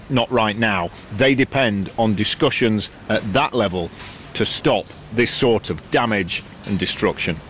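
A male correspondent speaks steadily from a damaged residential block. His delivery is measured and serious. Faint background noise sits under the voice. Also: mid-range voice, a bit bright. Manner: measured, sober reporting. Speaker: news correspondent. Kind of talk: field news report. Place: outdoors at a damaged apartment block.

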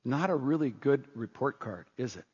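A man's voice: medium pitch, lively intonation, moderate pace, darkish tone, slightly rough. A man preaching a sermon as pastor, earnest and full of rhetorical questions, in a church. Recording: dull lo-fi sound with long hall reverb.

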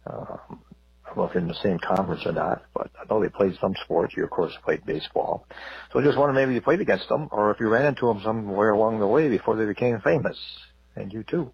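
A man from Wisconsin calling in to a radio show, asking a friendly question haltingly. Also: fairly low pitch, lively intonation, vocal fry, husky. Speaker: caller. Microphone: phone. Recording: muffled phone-in line.

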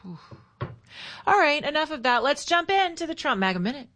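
A woman's voice: sits high, big pitch swings, a little fast, fairly bright tone, a little hiss or hum. A woman hosting a morning radio talk show in a studio, chatty and bubbly, laughing at herself.

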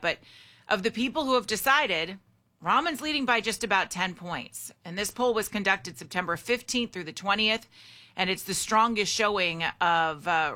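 Female talk radio host, bright edgy tone, opinionated patter, running the call-in line. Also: mid-range voice. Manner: chatty, opinionated, reads out poll figures and the call-in number.

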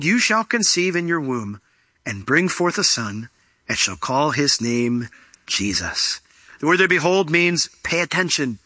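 Male pastor, sermon, very bright tense voice, dry close sound, lively swings in pitch. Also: dry recording. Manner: animated, acts out quoted voices with big pitch jumps.

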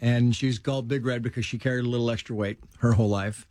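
A middle-aged man telling personal stories in casual conversation, animated, acting out the voices of people in them. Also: mid-range voice, quick pace, dry recording, clean studio sound. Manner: animated storyteller, acts out quoted voices. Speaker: guest telling life stories.

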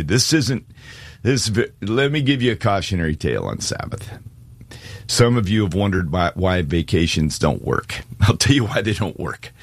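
A man's voice: low voice, dry recording. A man co-hosting a faith talk show, speaking in an earnest, emphatic, preacher-like way.

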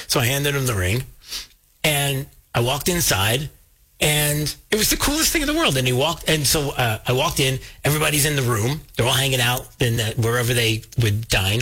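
A man hosting a talk show, telling a story casually and jumping high in pitch when he quotes people. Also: sing-song, normal speed, bright, forceful tone, slightly rough. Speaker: show host.

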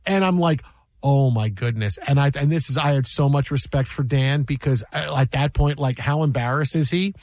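A man hosting a casual sports talk radio show, telling an animated story and acting out quotes. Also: a little high, a little fast, few pauses, dry recording.

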